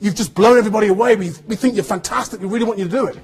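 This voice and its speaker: A man's voice: sits high, racing, a little mellow, husky, pitched above the performer's own voice. A man voicing an enthusiastic male TV producer on a phone call, eager and persuasive, repeating his praise.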